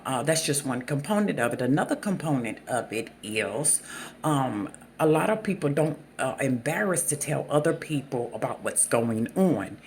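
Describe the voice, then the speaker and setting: A host from the Southern US with a Southern accent, talking unscripted to camera in a halting way with many fillers and restarts. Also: mid-range voice, a little hiss or hum. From Southern United States. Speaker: channel host.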